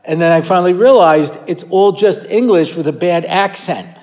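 A man's voice: high voice, moderate pace, a little mellow. Man teaching in an echoing hall. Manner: storyteller who acts out quoted voices, with frequent restarts. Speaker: rabbi giving a weekly Torah class. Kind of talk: Torah lecture with storytelling. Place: hall with a live audience. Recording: long hall reverb.

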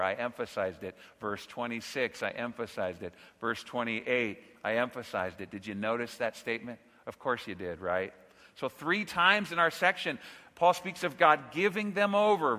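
A man preaching an expository sermon as pastor, earnest and emphatic, dropping low on key phrases. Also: bright, forceful tone. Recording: reverberant hall.

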